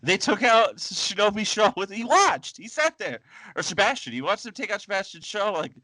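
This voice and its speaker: A man talks in a loose, animated podcast chat and keeps breaking into laughter and silly character voices. His voice is bright and forceful. The sound is dry and close. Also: high voice, normal speed, no echo, rough recording. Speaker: podcast co-host. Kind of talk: casual comic-book discussion.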